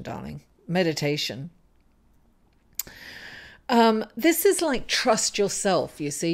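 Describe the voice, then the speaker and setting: A woman giving a weekly tarot reading to camera, encouraging and musing, who keeps calling the listener darling. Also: medium pitch. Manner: musing, thinking aloud with fillers and restarts. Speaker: tarot reader.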